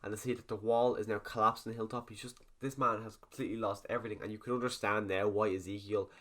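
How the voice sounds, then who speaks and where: A young man giving a rambling, animated video review of a TV episode, swearing freely as he goes. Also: lowish voice, quick pace.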